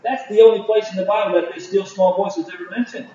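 A man with a fairly high voice preaches a Bible study sermon, talking haltingly with many fillers and restarts. He sounds far from the mic in a very echoey hall. The recording is dull and lo-fi, with faint noise behind him. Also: steady tone, warm tone. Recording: distant, roomy, dull lo-fi.

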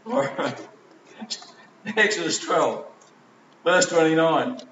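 A man's voice: fairly high pitch, animated, takes it slowly, fairly bright tone, echoey room, far from the mic, muffled recording. A middle-aged man preaching a sermon in a conversational storytelling way, acting out quoted voices. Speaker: preacher and school teacher.

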